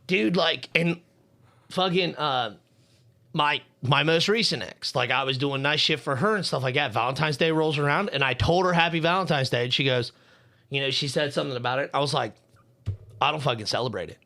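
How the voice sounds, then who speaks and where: A man's voice: on the high side, a little fast, creaky, sharp tone. A young man co-hosting a podcast, telling a heated, profane story about hating Valentine's Day. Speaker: podcast co-host. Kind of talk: heated casual podcast rant.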